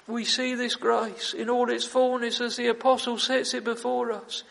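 A fervent male preacher with a very high, gravelly voice, repeating his phrases and breaking into impassioned "oh"s. His sermon rings with the long reverb of a large church hall. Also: fairly even intonation, normal speed, few pauses, pushed and bright. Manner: fervent, repetitive, with emphatic "oh" exclamations.

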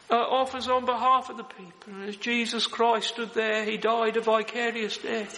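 A male preacher delivers a solemn, earnest sermon in a very high, bright voice that carries a lot of tension. His tone stays flat and even, and his words ring out with a long reverb in a large church hall. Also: slight background noise.

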